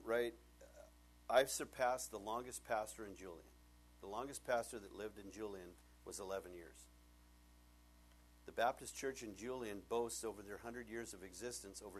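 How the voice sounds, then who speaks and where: A male pastor preaching a sermon, animated and laughing often, acting out bits of dialogue in changing voices. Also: lowish voice, normal speed, pauses often, slightly rough.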